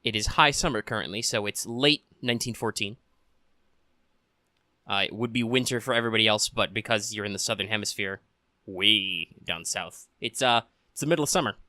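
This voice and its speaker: Bright-voiced male game master. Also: fairly low pitch, quick pace, no room sound, clean studio sound. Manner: relaxed and joking, with many fillers. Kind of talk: casual tabletop game narration.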